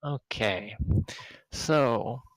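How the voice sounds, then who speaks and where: A man narrating as game master in a relaxed, halting way full of fillers. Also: mid-range voice, dry recording, poor audio.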